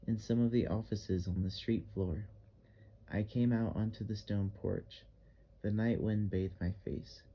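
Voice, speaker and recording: Low-voiced male audiobook narrator. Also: highs cut off. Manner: measured, even storytelling. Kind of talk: first-person audiobook narration.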